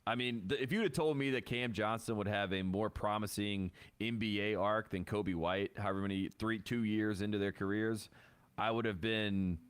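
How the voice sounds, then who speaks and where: A man's voice: on the low side, steady tone, normal speed, smooth. A man co-hosting a sports podcast, talking basketball in a loose, joking, chatty way. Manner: joking, rambling basketball banter with frequent laughs. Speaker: podcast co-host. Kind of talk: casual sports chat.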